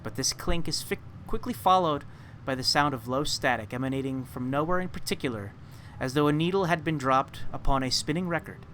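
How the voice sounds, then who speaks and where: A man's voice: a little high, fairly quick, hardly any pauses, a bit bright, a little hiss or hum. A man narrating a tabletop game as game master, describing scenes with many fillers and restarts.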